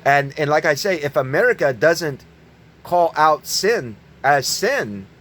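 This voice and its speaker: A man giving an angry, profane religious rant, yelling at his listeners. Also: fairly high pitch, lively intonation, a little slow. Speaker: online preacher.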